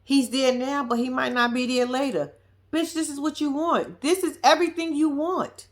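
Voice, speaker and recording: A woman's voice: sits high, fairly even intonation, moderate pace. A young woman giving blunt, profane, sassy reaction commentary on a reality show, talking straight to her viewers.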